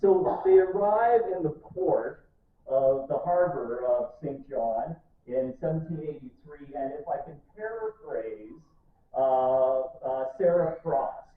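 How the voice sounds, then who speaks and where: A man's voice: mid-range voice, lively intonation, slow. A man giving a playful, joking history talk to a live audience in a library room. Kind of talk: lively public lecture. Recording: distant, echoey, tinny room recording.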